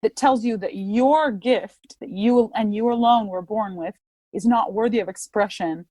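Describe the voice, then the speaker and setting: A woman's voice: medium pitch, normal speed, mellow, no room sound. A woman, an opera singer, talking candidly in an interview, reflective and earnest, with many "like" fillers. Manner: reflective, earnest, heavy use of "like".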